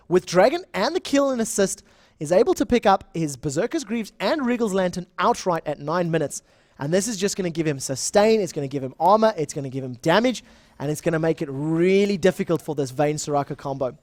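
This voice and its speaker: A young man with a South African accent doing live esports play-by-play, speeding up and getting louder in the big moments. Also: high voice, no echo. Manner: fast, excitable play-by-play that rises in big moments. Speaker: esports shoutcaster. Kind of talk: live game commentary.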